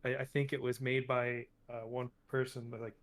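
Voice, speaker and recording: A man player in a tabletop game answers in halting, unsure, deadpan phrases. His voice barely moves in pitch. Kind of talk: casual tabletop role-play.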